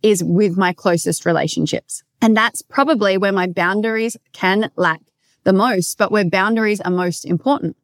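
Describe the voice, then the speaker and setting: A woman's voice: mid-range voice, no echo. Direct, emphatic woman coach. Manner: direct, emphatic, swears casually. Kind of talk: solo podcast monologue.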